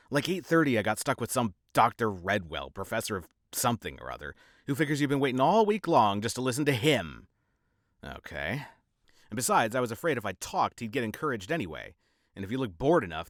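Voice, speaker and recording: A man's voice: mid-range voice, fairly bright tone, dry recording, clean studio sound. A man narrating a novel in first person, with a sardonic, rambling, wry delivery. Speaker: audiobook narrator.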